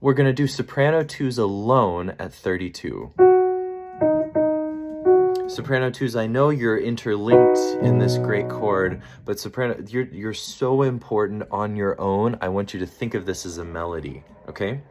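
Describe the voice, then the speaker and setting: A choir director with a lowish voice speaks at a moderate pace, leading a rehearsal in a room with a piano. He counts beats aloud and demonstrates vocal sounds over loud piano playing.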